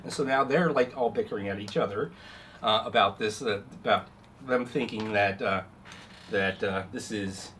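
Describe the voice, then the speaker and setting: A man's voice: lowish voice, moderate pace, fairly bright tone, slight background noise. Rambling male game master. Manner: rambling, many fillers, laughs at own jokes. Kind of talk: narrating a tabletop game.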